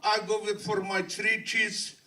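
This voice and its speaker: An older man from Iran with an Iranian accent, answering audience questions at a premiere Q&A in halting, broken English. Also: sits high, level tone, sharp tone. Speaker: guest of honor at a film premiere Q&A. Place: theater at a film premiere. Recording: distant mic in a venue.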